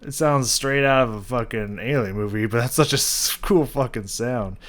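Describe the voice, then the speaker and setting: A man talks through a song reaction in a loose, casual way. He gets excited, swears freely, and fills his sentences with "like" and "just". His voice sits at an average pitch for a man. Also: moderate pace. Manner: enthusiastic, swears casually, many fillers. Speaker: music reaction youtuber. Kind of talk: casual music reaction commentary.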